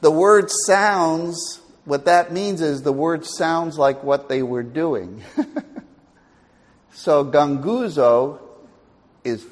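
A man's voice: on the high side, drawn-out words, pauses often, long reverb tail. A man preaching a Bible-teaching sermon in a chatty, self-deprecating way, laughing often.

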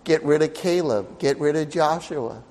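A man voicing a crowd of grumbling people who whine and shout complaints. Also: a little high, normal speed, big-room sound, lightly acted. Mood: mocking.

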